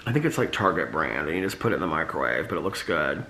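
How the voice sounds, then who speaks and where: An American man vlogs casually about his day in a rumbling low, sing-song voice that comes out quick, pushed and bright, with a faint hiss or hum. He has a slight lisp and a sore mouth from losing a tooth, and he rambles chattily with plenty of fillers.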